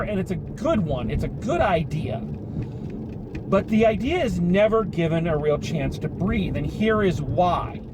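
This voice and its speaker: A man giving a rambling, sarcastic spoken film review, casual and swearing now and then. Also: on the high side. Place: car while driving home. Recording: car cabin with road noise.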